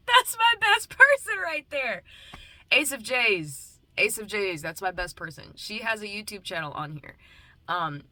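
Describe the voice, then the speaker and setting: A young woman vlogging in a loose casual chat, shifting between gentle comfort and cussing rants. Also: lowish voice. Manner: loose and playful, drifting between tender comfort and profane rants. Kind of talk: casual heartfelt chat to camera.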